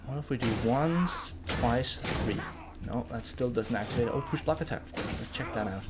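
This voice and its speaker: A man giving casual gameplay commentary as a channel host, thinking aloud, getting excited and swearing now and then. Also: medium pitch, normal speed, heavy background noise.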